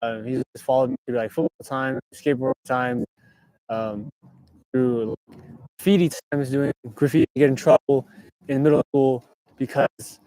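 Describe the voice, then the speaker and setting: A young man from California hosts a relaxed livestream from inside his parked car and talks back to viewers' comments as they come in. His voice sits at an ordinary middle pitch for a man. It is picked up by a clip-on mic with a close, dry sound and no room echo. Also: a little slow. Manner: laid-back, reading viewer comments aloud. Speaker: livestream host. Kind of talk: casual livestream chat.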